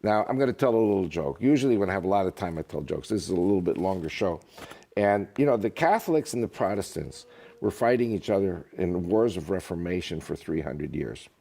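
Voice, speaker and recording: A guest on a casual interview, this man tells jokes and stories in an animated, playful way. His voice sits low with vocal fry, and he speaks fairly quickly.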